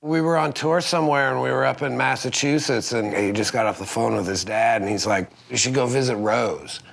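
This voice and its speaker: A man's voice: mid-range voice, fairly quick, gravelly, fairly bright tone. A man in a documentary interview telling band tour stories, laughing as he acts out the dialogue. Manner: laughing storyteller acting out dialogue.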